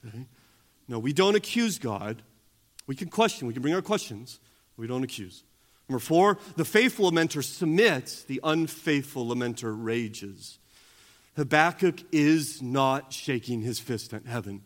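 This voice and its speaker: A male pastor preaching a sermon, moving between quiet teaching and loud, emphatic preaching. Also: medium pitch, lively intonation, measured pace.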